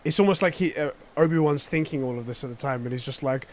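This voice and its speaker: A man's voice: on the high side, quick pace. A man on a casual fan review podcast, emphatically recounting scenes. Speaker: podcast co-host.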